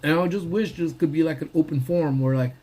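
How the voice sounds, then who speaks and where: A man casually chatting on a live stream from his parked car during lunch, slangy and relaxed, greeting viewers as he eats. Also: on the high side, quick pace. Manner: laid-back, slangy, greets viewers by name. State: talking while eating.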